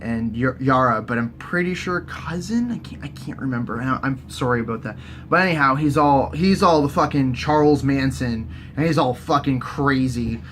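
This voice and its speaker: A man giving a profane, excitable casual recap as a vlogger. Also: mid-range voice, slight background noise. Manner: excitable, sweary, animated.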